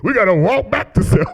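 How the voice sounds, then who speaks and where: His voice is very high, gravelly and slightly rough. Working a small club with a handheld stage mic, this stand-up in his thirties runs a loose, profane set, needling the audience and cracking himself up.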